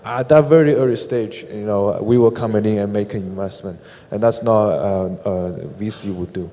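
A man who directs an angel investment group, speaking on a panel in a halting way with many "uh" fillers. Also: lowish voice, dark tone. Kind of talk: panel discussion. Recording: long hall reverb.

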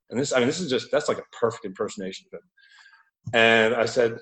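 A man telling a story in an animated, chatty way, laughing often and using many fillers. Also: mid-range voice, normal speed. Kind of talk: casual storytelling. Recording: roomy echo.

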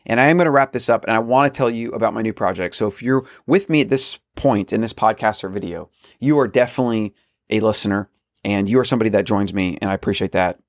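Male podcast host, solo monologue, earnest and rambling, lower register, dry booth sound. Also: quick pace, no room sound. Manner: earnest, rambling, with frequent restarts.

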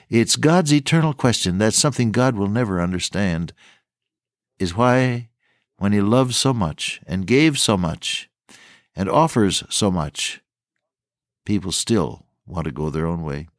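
A man preaching a sermon earnestly and emphatically, slowing down to stress key words and quoting old-fashioned scripture phrasing. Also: fairly low pitch, expressive, no room sound, studio quality.

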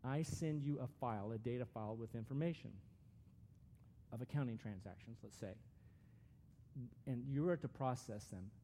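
Mellow-voiced man preaching. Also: mid-range voice, normal speed, pauses often, a little hiss or hum. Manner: conversational, earnest, with restarts. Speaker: pastor. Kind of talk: sermon.

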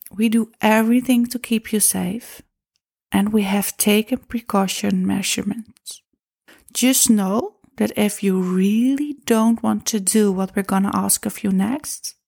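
A woman imitating a calm, measured male retreat coach. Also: mid-range voice, gravelly, husky. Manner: deliberate, suspense-building pauses. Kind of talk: personal storytelling.

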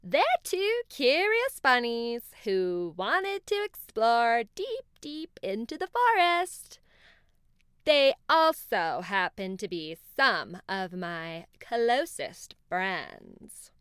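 A bright, melodious unicorn guide, as a woman puts him on for a children's storybook. He sounds friendly and eager, with a lilting, lively pitch and an unhurried pace. The voice is close and dry. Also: clean tone, no room sound, full character voice. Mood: cheerful. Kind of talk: storybook character voice.

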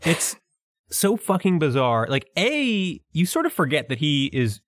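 A man's voice: fairly high pitch, sing-song, a little slow, fairly bright tone, dry recording, studio quality. Sarcastic man co-hosting a podcast. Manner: sarcastic, laughs often. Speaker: podcast co-host. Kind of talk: casual conversational critique.

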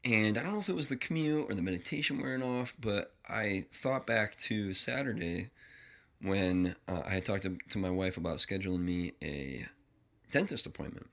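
A man's voice: lowish voice, expressive, normal speed, gravelly, fairly bright tone. A man hosting a podcast, talking in a blunt, profane, rambling monologue. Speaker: podcast host. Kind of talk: casual ranting monologue.

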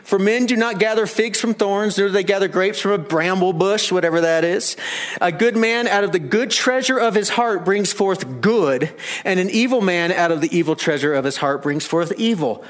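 Man, pastor, high-pitched, emphatic, earnest sermon. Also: normal speed. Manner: earnest, emphatic preaching with rhetorical questions.

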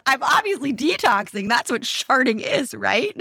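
A woman's voice: a little high, big pitch swings, moderate pace, creaky, bright, forceful tone, slightly rough, no room sound, clean studio sound. Candid, self-mocking woman in her forties. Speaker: podcast host. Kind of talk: casual interview answers.

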